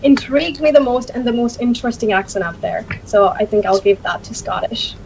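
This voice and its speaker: A woman with a high, light voice, speaking as an interview guest. She talks chattily, leaning on fillers like "like" and "uh" and often restarting her sentences. A faint rumble sits underneath her voice. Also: lively intonation, brisk, creaky, darkish tone, low-quality recording. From India. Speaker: guest, accent learner. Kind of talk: casual interview answers.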